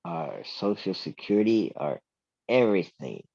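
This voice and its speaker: A man co-hosting a casual talk show, speaking in a hesitant, halting way with frequent restarts. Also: low-pitched, animated, a little mellow, muffled recording. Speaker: co-host. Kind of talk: casual philosophical chat.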